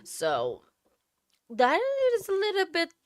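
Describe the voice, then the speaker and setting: A woman's voice: very high-pitched, wildly swooping pitch, takes it slowly, dry recording, studio quality. A tired woman hosting a true crime livestream, chatting casually and rambling while she comments on a trial. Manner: chatty, rambling, apologetic asides. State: tired, yawning.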